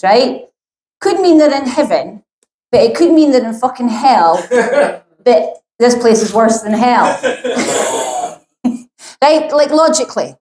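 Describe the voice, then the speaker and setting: Woman, stand-up comic, profane and rambling, higher voice, roomy echo. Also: darkish tone. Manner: rambling, sweary and blunt. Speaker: stand-up comedian. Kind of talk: stand-up comedy set. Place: live comedy venue.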